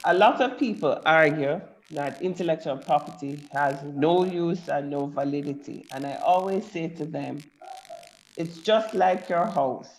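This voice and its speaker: A woman speaks as a panel guest, unhurried and explanatory, walking through a point step by step. Her voice carries a roomy echo, with faint noise in the background. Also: deep voice, a little mellow. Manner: measured, explains by analogy.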